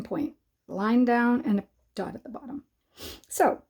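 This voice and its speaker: Woman teacher doing a writing lesson for little kids, slow careful dictation, warm mellow voice. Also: a little high, expressive. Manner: slow, clear dictation for young learners.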